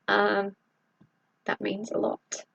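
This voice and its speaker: A middle-aged woman from Southeast Texas talking in a halting, earnest confessional vlog, with many pauses and fillers. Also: medium pitch, monotone, vocal fry, a bit bright, breathy edge, rough recording. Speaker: vlogger.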